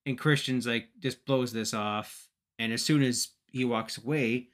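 A man's voice: mid-range voice, fairly even intonation, unhurried, fairly bright tone. A man from Canada giving a joking, casual wrestling recap as a podcast host. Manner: joking, chatty.

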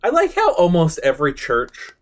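A man's voice: high voice, wildly swooping pitch, normal speed. A man co-hosting a podcast in casual chat, playful and jokey. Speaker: podcast co-host.

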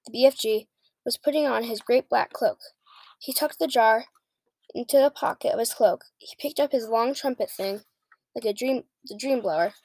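A woman's voice: fairly high pitch, darkish tone, no echo. A woman reading a children's book aloud for listeners, plainly, with the odd slip and filler. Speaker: storybook reader.

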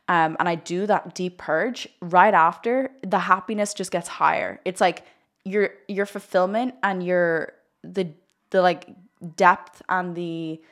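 A woman hosting a spiritual livestream, talking straight to viewers in a giddy, laughing, rambling way. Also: lowish voice. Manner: talks to viewers directly. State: one eye watering. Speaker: spiritual coach hosting a live video. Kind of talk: casual spiritual vlog on a livestream.

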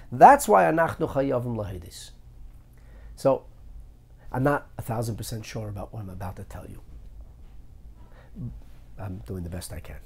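A man's voice: lowish voice, normal speed, gravelly, long pauses, slightly rough. A man teaching a lesson on the Haggadah, thinking aloud and often hedging. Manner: animated, searching, thinks aloud with frequent hedges. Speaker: Torah teacher.

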